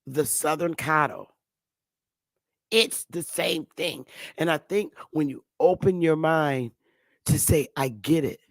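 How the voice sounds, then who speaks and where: A low-pitched woman takes it slowly, recorded with no echo. The Connecticut channel host in her fifties talks to viewers in a casual, rambling, repetitive monologue, calling them sweetheart and love.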